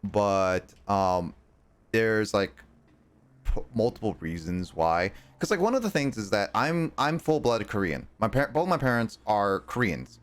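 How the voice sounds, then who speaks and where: A man with a low, smooth voice chats casually over his gameplay. His R sounds carry a slight L-like tongue flick, and he rambles along with fillers and restarts. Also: sing-song, measured pace. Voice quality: R sounds bend toward L. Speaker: streamer. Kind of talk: casual chat while gaming.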